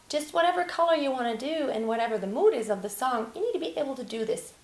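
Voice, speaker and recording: A young woman giving a singing lesson, explaining calmly and then breaking into sung and shouted demonstrations. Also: a little high, moderate pace. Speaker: singing teacher. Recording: roomy echo.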